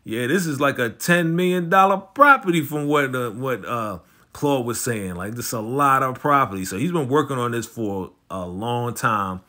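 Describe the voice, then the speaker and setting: A man giving a casual, slangy recap of a TV drama episode, telling it with animated energy. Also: medium pitch. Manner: animated, slangy storytelling, often fast. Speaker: YouTube show recapper.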